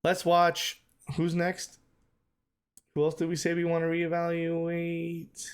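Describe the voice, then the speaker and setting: A man's voice: fairly high pitch, monotone, slow pace, clear, resonant tone. A man streaming live, giving casual, emphatic commentary and repeating his points, often calling the chat "bro".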